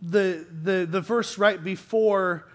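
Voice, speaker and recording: A man's voice: high voice, steady tone, takes it slowly. A middle-aged male pastor preaching a sermon in a conversational, self-deprecating way, with restarts and light laughs, building to earnest emphasis.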